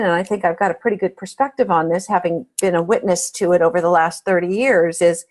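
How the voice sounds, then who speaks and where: A middle-aged woman, a guest on an interview podcast, explaining her views emphatically and telling stories. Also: medium pitch. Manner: emphatic, storytelling. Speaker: podcast guest, accounting advisor. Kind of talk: interview answer.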